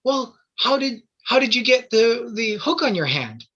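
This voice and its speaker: A man raising his voice into a curious little boy who pipes up with eager questions. The voice is high and bright. It sounds dull and lo-fi. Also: sing-song, unhurried, slightly rough, full character voice. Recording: dull lo-fi recording.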